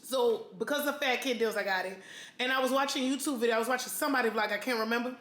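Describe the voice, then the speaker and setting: American woman host, excitable storyteller, high voice, roomy echo. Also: quick pace. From United States. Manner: animated, excitable storyteller with slangy speech. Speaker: mukbang vlog host. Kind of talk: casual chat.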